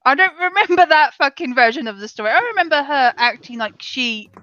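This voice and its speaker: A woman's voice: sits high, animated, brisk, pushed and bright, lo-fi sound. A woman guest on a livestream, chatting in a rambling, self-mocking way. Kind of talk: casual livestream chat.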